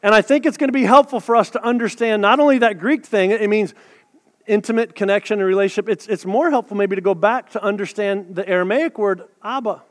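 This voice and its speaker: A man with a rather high voice preaches to his congregation in a relaxed, talky way, tossing in joking asides. His words ring out with a long hall reverb, as in a church sanctuary. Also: brisk. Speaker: pastor. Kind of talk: sermon.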